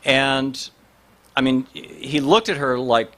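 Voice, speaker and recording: A man's voice: mid-range voice, slow, a bit bright. A man telling a long anecdote in a rambling way, full of restarts and fillers. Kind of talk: storytelling talk.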